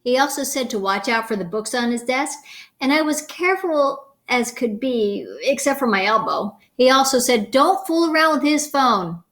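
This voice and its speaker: A woman reading a children's picture book aloud, expressive and playful, stopping to comment on the pictures. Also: fairly high pitch, moderate pace. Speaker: storybook reader.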